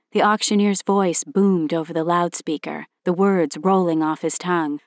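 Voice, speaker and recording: Woman reading a storybook, low voice. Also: fairly even intonation, normal speed, dry recording, studio quality. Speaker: narrator. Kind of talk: storybook narration.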